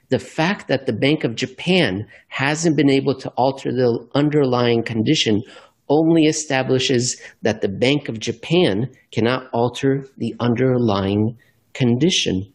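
A man's voice: medium pitch, a little mellow. A man hosting a podcast, asking his guest questions with a wry turn. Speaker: podcast host. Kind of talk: podcast interview.

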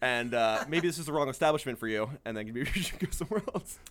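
A man rattles through bar stories at a fast clip, his pitch swinging widely as he acts out the people he quotes. He is a bartender talking casually on a podcast, swearing freely as he goes. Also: expressive, fairly bright tone, a little hiss or hum. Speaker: bartender guest. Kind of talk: casual podcast chat, storytelling.

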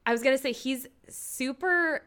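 A woman casually recapping a TV episode, chatty and animated, laughing often and acting out the characters' lines. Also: high voice, normal speed, clear, resonant tone.

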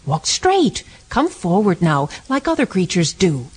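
A woman's voice: fairly low pitch, huge pitch swings, voice pushed down. A woman voicing a stern mother crab who scolds her child, in a told story. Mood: scolding. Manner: scolding, brisk. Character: stern mother crab, small sea creature. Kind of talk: storytelling over guitar. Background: guitar music.

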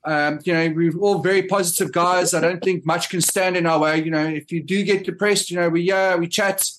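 A man's voice: high voice, fairly even intonation, a little fast, a bit bright, slight background noise. A middle-aged man in casual podcast chat, rambling with many fillers and restarts. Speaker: podcast co-host.

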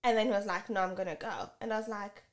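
A woman co-hosting a chatty podcast, telling her story in an animated way. She acts out both sides of an argument as she goes, her pitch sitting in an ordinary middle range. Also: fast talker. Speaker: podcast co-host. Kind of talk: casual podcast chat.

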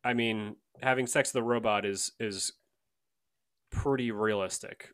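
A man in his late twenties co-hosting a casual podcast chat, speaking haltingly with many restarts and casual swearing. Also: lowish voice, steady tone, fairly bright tone. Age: late 20s. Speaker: podcast co-host.

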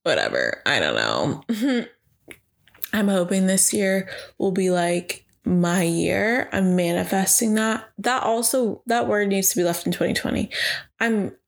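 A woman's voice: fairly low pitch, gravelly. A young woman hosting her own podcast, rambling tipsily with a self-mocking, profane manner. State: drunk. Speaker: podcast host. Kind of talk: casual solo podcast chat. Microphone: podcast microphone.

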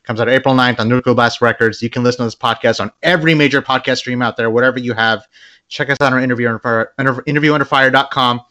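Bright-voiced eager male podcast host. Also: mid-range voice, steady tone, fast. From Texas. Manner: eager, rambling, repeats words. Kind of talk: casual interview chat.

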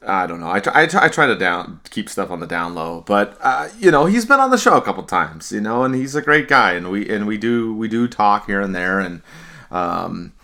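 A man hosting a casual sports podcast, speaking in a relaxed way with frequent restarts and repeated words. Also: fairly low pitch, normal speed. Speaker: podcast host.

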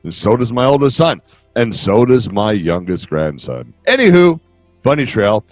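A man's voice: medium pitch, big pitch swings, moderate pace, dry recording, faint music behind. An older man hosting a podcast, giving relationship advice in a rambling, joking way that keeps wandering off on tangents. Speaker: podcast host. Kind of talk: casual advice monologue.

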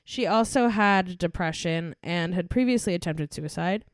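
Speaking at normal speed in a lowish voice, a young woman co-hosts a true crime podcast, recorded in clean studio sound without echo. She chats and giggles with her friend, then reads through a murder case, laughing often along the way.

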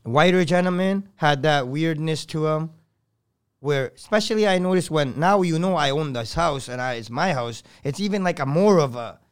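A man, a podcast guest, telling a story in casual, blunt and profane talk that swings between loud and hushed. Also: a little high, normal speed, clean tone.

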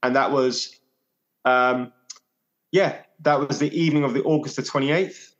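A man in his forties telling a personal story as a podcast guest, reflective and halting, often repeating his phrases. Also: medium pitch, steady tone, muffled recording. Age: 40s.

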